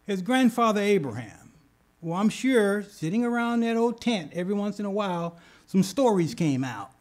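Lively high-voiced man preaching slowly. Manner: animated, rises loud when acting out scripture; addresses congregation with "okay?" asides. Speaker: pastor. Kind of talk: sermon.

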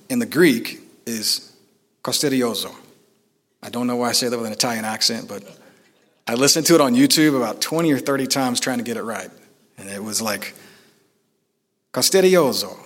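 A man's voice: medium pitch, fairly bright tone. Conversational middle-aged male preacher. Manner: conversational, with fillers and self-deprecating asides. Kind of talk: sermon.

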